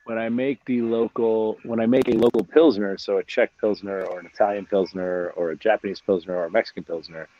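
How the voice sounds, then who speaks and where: A man, a brewery owner, chatting as a guest and telling animated jokey stories over a phone. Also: fairly low pitch, fairly quick, hardly any pauses, no echo. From United States. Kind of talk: casual chat over a phone line. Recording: muffled dry phone-call audio.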